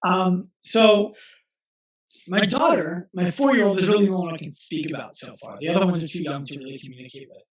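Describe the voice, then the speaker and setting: A man in his thirties, a guest in an interview, talking earnestly and telling stories with quick restarts. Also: high voice, roomy sound, low-quality recording. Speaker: guest, physical therapist and coach. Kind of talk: conversational interview.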